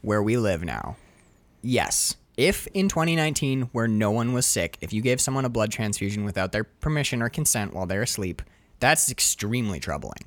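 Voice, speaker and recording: Animated male podcast co-host, swooping pitch, dry booth sound. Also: normal speed, no room sound. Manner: animated, acts out scenes in lively quoted voices. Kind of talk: casual movie discussion.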